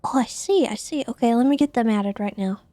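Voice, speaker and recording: Young woman, friendly instructor role-play, hesitant fillers, higher voice. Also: brisk, dark tone, no echo. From Washington state, USA. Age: 20s. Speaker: driving school instructor in a role-play game. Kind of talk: in-character role-play chat.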